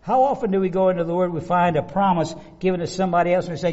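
A man preaching a sermon, animated and conversational, acting out the voices of the people he describes. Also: high-pitched, very fast. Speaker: pastor. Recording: dull lo-fi recording.

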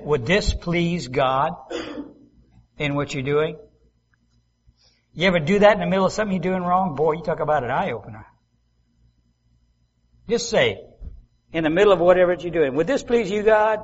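A man pastor preaching a sermon, swinging from loud emphasis to soft asides and acting out quoted voices. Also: fairly high pitch, expressive, brisk, long pauses, husky, lo-fi sound.

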